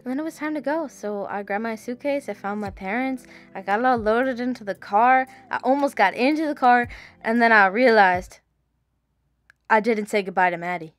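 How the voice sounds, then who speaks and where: A woman's voice: on the high side, moderate pace, soft background music. A young woman in her late teens narrating her vlog in a chatty, gushing way. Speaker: vlogger.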